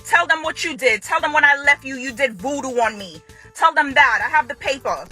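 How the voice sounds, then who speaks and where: A woman's voice: sits high, animated, brisk, pushed and bright, faint music behind. A woman making an angry direct-to-camera statement to her ex-husband, confrontational and repeating phrases for emphasis. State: furious. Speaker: ex-wife speaking out.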